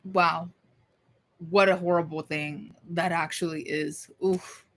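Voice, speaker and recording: A woman's voice: fairly low pitch, fairly even intonation, slow, fairly bright tone. A young woman vlogger talking casually to her camera, rambling, swearing and mocking herself.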